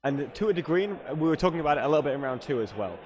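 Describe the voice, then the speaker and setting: A man's voice: a little high, expressive, rapid-fire, a crowd in the background. A man commentating a tabletop wargame, working through the scoring step by step. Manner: analytical, walks through point totals.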